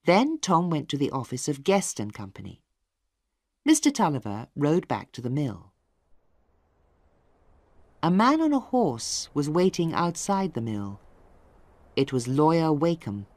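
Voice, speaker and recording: A storyteller reading a simple classic for English learners. The pace is slow and the pitch moves a lot. The sound is dry and close. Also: big pitch swings, no room sound. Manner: slow, clearly spaced storytelling. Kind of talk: slow graded-reader narration for English learners.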